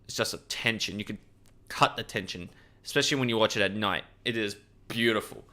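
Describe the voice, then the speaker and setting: Guy rambling thru an episode review, lowish voice but bright and smooth, swears a lot. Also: brisk. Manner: rambling and excitable, swears freely, self-corrects often. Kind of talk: casual video review.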